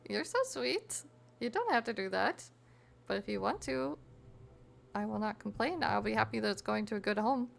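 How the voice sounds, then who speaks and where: A woman's voice: a little high, animated, normal speed, gravelly. A young woman streamer chatting casually with her viewers while crafting, reading chat aloud and giggling often.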